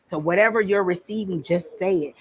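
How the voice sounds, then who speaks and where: There's a slight hiss or hum behind this woman's fairly low, brisk voice. She's teaching a psychic fair workshop in an event room, speaking plainly and casually while acting out quoted voices.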